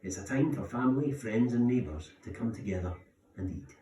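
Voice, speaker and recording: A man narrating a documentary in a measured, scripted way. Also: on the low side, lively intonation, warm tone. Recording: roomy sound, distant from mic, music bed.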